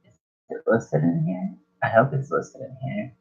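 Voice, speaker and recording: A man's voice: medium pitch, animated, a little slow, creaky. A man running a horror tabletop game as game master, rambling, self-correcting, swearing casually. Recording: dull lo-fi recording.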